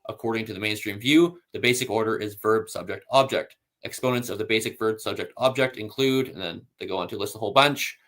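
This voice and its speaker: A man's voice: lowish voice, quick pace, few pauses, fairly bright tone. A man hosting a casual scholarly discussion, explaining patiently and reading citations aloud with frequent fillers. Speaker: host.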